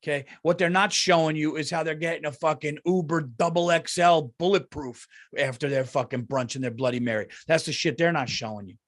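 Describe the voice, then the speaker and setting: Middle-aged New guy, podcast host, fired-up profane rant, voice sits a touch high. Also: fairly quick, hardly any pauses. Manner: heated, profane, repetitive ranting. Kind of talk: casual comedy podcast rant.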